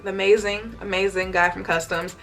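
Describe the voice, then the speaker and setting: Young american woman doing a chatty storytime vlog, mid pitch, expressive, soft music under it. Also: fairly quick. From United States. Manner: chatty, expressive retelling with acted-out quotes. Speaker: vlogger.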